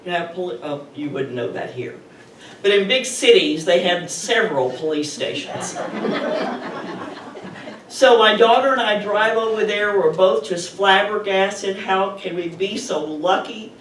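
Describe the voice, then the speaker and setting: A middle-aged woman telling a personal story live to an audience, chatty and animated. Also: mid-range voice, a little slow. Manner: animated, chatty retelling with laughs. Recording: roomy, distant mic with faint noise.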